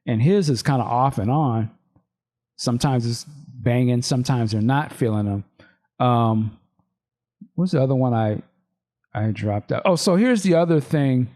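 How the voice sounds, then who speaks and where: Male podcast host, loose casual delivery, reads script lines with bits of acting. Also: medium pitch. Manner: loose, animated, reads script aloud with quick acted lines.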